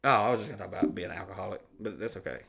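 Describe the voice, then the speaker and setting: A man's voice: deep voice, rapid-fire, creaky, pushed and bright, slight background noise. A man telling comedic anecdotes on a podcast, swearing freely and acting out the dialogue of the people in his story. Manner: profane, rambling anecdotes acting out quoted dialogue. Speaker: podcast co-host.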